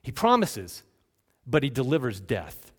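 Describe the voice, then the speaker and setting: A man's voice: mid-range voice, unhurried, husky. Preaching man in a reverberant hall. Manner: animated preaching, swings between loud emphasis and hushed lines. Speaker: pastor. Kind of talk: sermon. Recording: long reverb from a large hall.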